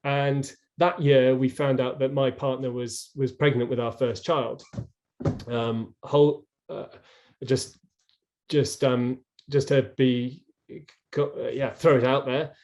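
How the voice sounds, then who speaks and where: A man's voice: mid-range voice, level tone, takes it slowly, a little mellow, lo-fi sound. A middle-aged man, a former rower, telling his story earnestly as an interview guest, with many restarts, over a video call.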